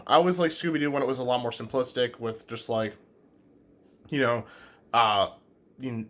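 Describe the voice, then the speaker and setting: A man of middle pitch gives a loose, chatty review from his bedroom. He wanders between thoughts, leans on "um" and "like", and often stops to fix what he just said. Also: fairly bright tone. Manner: rambling, many fillers and self-corrections. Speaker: YouTube reviewer. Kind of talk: casual review talk.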